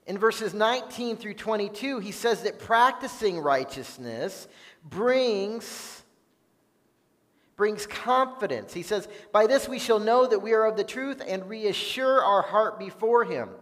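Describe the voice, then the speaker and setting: A man with a high voice preaches a sermon at a slow, deliberate pace. He reads scripture in an earnest tone, and his words ring out with the long reverb of a church hall. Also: animated, a bit bright. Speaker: pastor.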